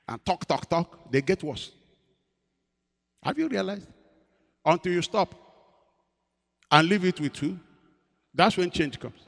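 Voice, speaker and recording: A man's voice: a little high, a bit bright, in a large hall. A man preaching a sermon as pastor, asking his congregation questions and waiting for their replies.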